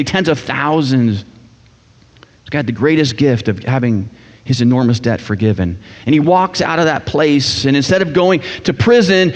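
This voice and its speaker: Joking preacher in a reverberant church. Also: male voice, a little high. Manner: casual, joking preacher voicing characters. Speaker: pastor. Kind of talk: sermon. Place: church sanctuary. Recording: dull sound with long church reverb.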